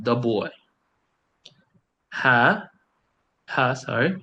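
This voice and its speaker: A man's voice: mid-range voice, extremely slow, pauses often, bright, forceful tone, muffled recording. A man teaching a beginner Arabic lesson over a video call, patiently repeating each word and explaining the sounds. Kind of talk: online beginner language lesson.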